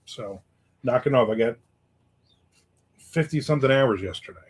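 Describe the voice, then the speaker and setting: A middle-aged man chats loosely on his livestream, drifting from story to story and stopping to read out viewers' comments. His voice sits at an ordinary middle pitch for a man. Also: moderate pace, slightly rough. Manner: rambling, reads viewer comments aloud. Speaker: livestream host. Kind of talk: casual livestream chat.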